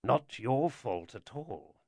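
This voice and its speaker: A man voicing a gruff, weary old general. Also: medium pitch, lively intonation, measured pace, a bit bright, no echo, exaggerated voice. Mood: grave, soft. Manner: gruff, impatient.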